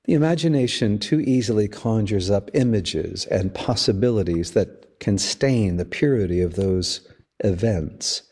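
A man, a priest hosting a podcast, giving a measured, storytelling homily. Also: fairly low pitch, lively intonation, darkish tone, breathy edge. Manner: slow, measured, storytelling delivery. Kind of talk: reflective spoken homily.

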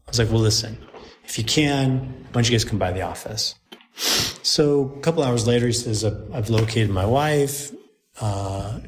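A man's voice: medium pitch, a little hiss or hum. Give me a middle-aged priest telling a story to a group, a man who acts out the quotes and chuckles as he goes.

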